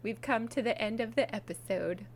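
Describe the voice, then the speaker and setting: A woman co-hosting a podcast in casual chat, talkative and quick to laugh. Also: fairly high pitch. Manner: chatty, laughs often, lively. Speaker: podcast co-host.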